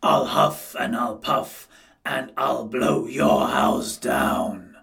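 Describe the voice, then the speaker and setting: A man reading a storybook aloud and voicing a hungry, scheming male wolf in a low, gruff growl. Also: sing-song, drawn-out words, fairly bright tone, distant mic, exaggerated voice. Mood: menacing.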